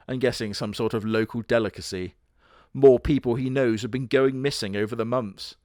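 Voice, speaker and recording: Guy doing snarky crude commentary, dry close sound, deadpan. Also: mid-range voice, moderate pace, dry recording. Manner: sardonic, crude, deadpan jokes with put-on quote voices. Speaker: host. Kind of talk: comedic commentary narration.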